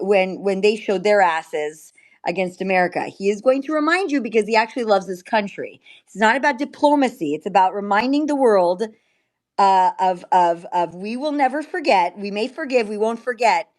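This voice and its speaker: Excitable woman hosting political talk. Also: mid-range voice. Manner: excitable, emphatic, exclaims often. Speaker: host. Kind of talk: casual political commentary.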